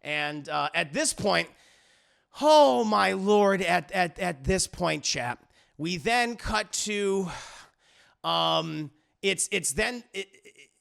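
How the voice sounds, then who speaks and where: A man with a fairly high, creaky voice that sounds pushed and bright talks slowly as he recaps a music series for his live chat. His rambling recap is casual and profane, and he acts out the characters' lines as he goes.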